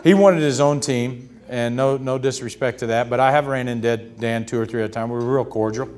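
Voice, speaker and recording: A man, telling lively stories as an interview guest and acting out the voices of others. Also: medium pitch, a little fast. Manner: animated anecdotes, acts out quoted voices. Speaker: interview guest, retired pitcher. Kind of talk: storytelling on stage.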